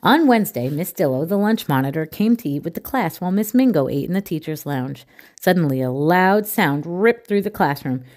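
A woman reading a children's picture book aloud with clear, expressive storytelling. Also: low voice, fairly quick.

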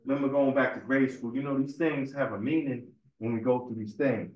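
A man's voice: mid-range voice, fairly even intonation, a little fast, highs cut off. A man giving an informal sermon at a temple meeting, telling personal stories in a conversational way, often repeating words and asking his listeners "right?". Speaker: speaker at a religious temple meeting. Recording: echoey room.

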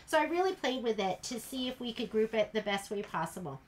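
A woman's voice: a little high, very animated, fast, hardly any pauses. A woman teaching a casual sew-along in her sewing room, chatty and rambling as she works. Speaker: sewing instructor.

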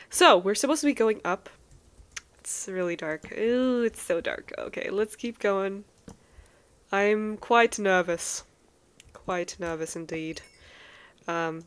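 A young woman giving casual gameplay commentary as a let's play host, excitable, with frequent gasps and exclamations. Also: medium pitch. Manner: excitable, gasping and exclaiming often.

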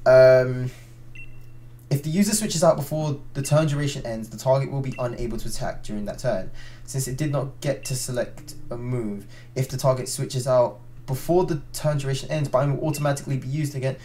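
A man's voice: mid-range voice, fairly even intonation, a little fast, mellow. Exasperated young man ranting over a game. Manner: exasperated ranting, thinking aloud; frequent restarts and swearing under his breath. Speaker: gaming channel host. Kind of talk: let's play commentary.

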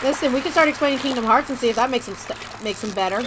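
A woman hosting a casual co-op gaming session, goofy and excitable, joking around with friends over a voice chat mic. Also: a little high, fast talker. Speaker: let's play host. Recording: noisy background hiss.

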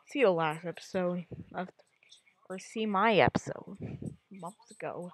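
A woman's voice: fairly low pitch, a little slow, dry recording. A woman giving casual, rambling reaction commentary on videos, jumping from one topic to the next. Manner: rambling, jumps between topics.

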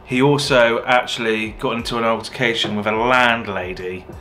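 A man's voice: medium pitch, moderate pace, faint music behind. Casual swearing English West Country man. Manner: swears freely, animated when retelling. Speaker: vlogger and takeaway owner. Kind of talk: casual storytelling.

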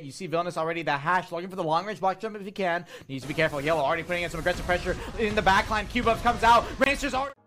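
A man giving brisk, energetic play-by-play commentary on a match. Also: fairly high pitch. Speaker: esports caster.

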